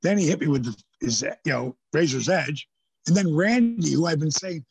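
A gravelly, somewhat high man with a husky edge spins lively stories as a podcast guest. He swears freely and acts out other people's lines. The sound is dry and close to the mic. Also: moderate pace, no room sound. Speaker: podcast guest, former pro wrestler. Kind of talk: casual storytelling interview. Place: podcast studio.

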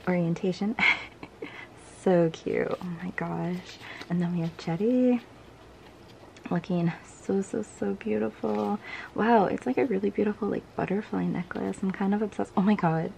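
A young woman chatting casually as she unboxes merchandise, gushing with breathy exclamations that often drop to a whisper. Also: mid-range voice, unhurried, a little mellow, slight background noise. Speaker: unboxing vlogger.

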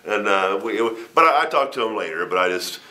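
A middle-aged wrestler, a guest in an interview, tells a story casually, full of swearing, laughter and stammered restarts. His voice is on the low side and expressive, fairly quick, with a bright, forceful tone.

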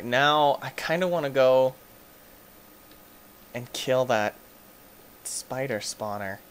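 A man hosting a gaming channel, giving let's play commentary as he plays, excitable and yelping and shouting in panic at the game's monsters. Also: mid-range voice, a little hiss or hum.

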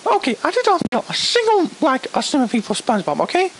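A man's voice: extremely high pitch, huge pitch swings, fast, fairly bright tone, a little hiss or hum, rough recording. A man ranting through a video review of a cartoon episode, sarcastic, exasperated and swearing often.

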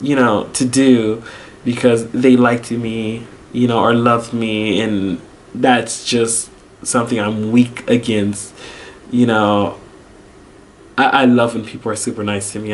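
A young man, an English teacher, telling a personal story in a casual vlog, animated and full of fillers, acting out his own reactions. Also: medium pitch, slow, a little hiss or hum. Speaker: vlogger, English teacher abroad.

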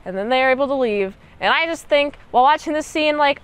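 A woman's voice: sits high, animated, brisk, hardly any pauses. A young woman giving a casual movie recap and review, chatty and slangy, peppered with "like" and "dude".

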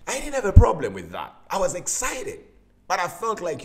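A man, a minister, telling a personal story to his viewers in an animated, emphatic way. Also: sits high, normal speed, breathy edge.

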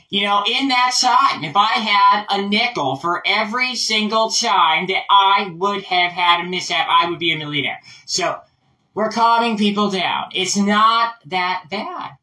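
A man putting on an impression of a woman politician, calming people in a measured, reassuring way. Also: high-pitched, echoey room, far from the mic, full character voice, low-quality recording. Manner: measured, soothing, with giddy little laughs.

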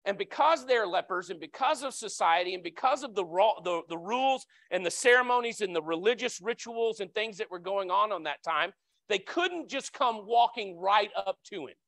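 A lay preacher, acting as a church elder, delivers a sermon in a church sanctuary, talking conversationally, often repeating himself and letting out loud, high cries when voicing the story's characters. He is animated and moderately paced, and the studio-quality recording has no echo.

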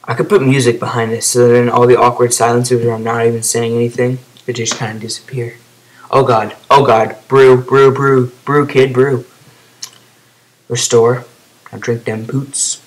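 Young male gamer, casual commentary, mid-pitched, rambling with excited yelps. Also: moderate pace, low-quality recording. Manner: rambling, excitable outbursts, then trailing off quietly. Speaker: gameplay commentator.

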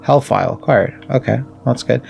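A man's voice: mid-range voice, normal speed, creaky, darkish tone, soft background music. A man casually commenting while he plays a video game, wry and jokey, swearing and talking to the enemies. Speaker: gaming channel host. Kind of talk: casual let's-play commentary.

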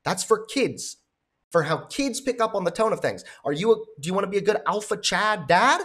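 A man giving reaction commentary with open scorn and heavy sarcasm, swearing freely. His voice sits slightly high for a man. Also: animated, a little fast, a bit bright. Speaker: commentary host.

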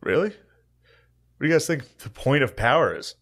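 A young man co-hosting a podcast, a comedian tossing out dry, profane deadpan one-liners. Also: medium pitch, moderate pace. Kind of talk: casual podcast banter.

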